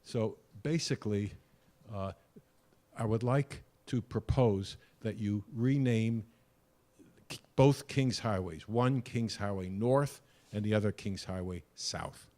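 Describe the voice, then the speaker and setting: Older guy with a lowish voice making a rambling comment at a town meeting, lots of uhs. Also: slow pace, dark tone. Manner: rambling, hesitant with many uhs. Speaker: public commenter.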